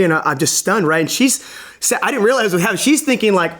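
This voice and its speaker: A man on a podcast telling a personal story in a casual, animated way. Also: sits high, a little fast.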